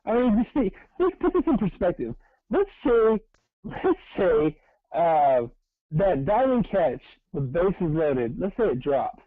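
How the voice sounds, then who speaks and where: A man with a slightly high voice talks sports bluntly and wryly, dropping casual swears. His voice comes through thin and phone-like, dry and close, with no room sound. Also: big pitch swings, takes it slowly, no room sound. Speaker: sports podcast co-host.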